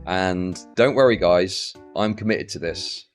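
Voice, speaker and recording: A man's voice: deep voice, unhurried, faint music behind. A man ranting on a live stream, scornful and heated, swearing often.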